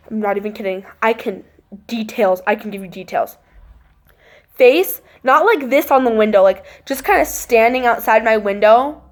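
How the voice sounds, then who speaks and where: A young woman casually recounting a spooky childhood story, acting out voices and gestures and dropping to a hush at tense moments. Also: sits high. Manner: animated, acts out voices and gestures; drops to hushed tones at tense moments.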